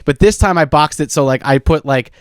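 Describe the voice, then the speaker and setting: A man's voice: on the high side, fairly quick, clean tone, dry recording, studio quality. A man in his thirties, a podcast co-host, rambling through a long anecdote with many fillers. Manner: rambling storyteller, lots of fillers. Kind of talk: casual chat.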